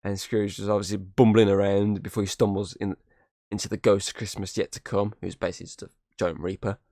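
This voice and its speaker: A man casually recapping a movie on a podcast, his voice sitting a little low. The sound is close and dry. He rambles through the plot and drops into brief impressions of the characters. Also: flat delivery, brisk, creaky, mellow, no room sound. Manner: rambling retelling with quoted character lines. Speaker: podcast host.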